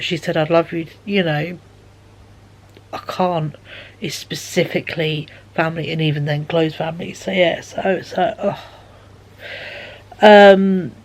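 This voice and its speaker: A woman chatting casually in a vlog, rambling with many fillers and sounding tired and yawning. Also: fairly low pitch. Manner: rambling, lots of fillers and repeated "he said". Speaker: vlogger.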